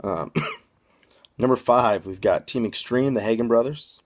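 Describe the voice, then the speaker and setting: A man hosting a casual wrestling talk show, reading out rankings in a laid-back, rambling way with frequent pauses and ums. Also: medium pitch. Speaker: podcast host.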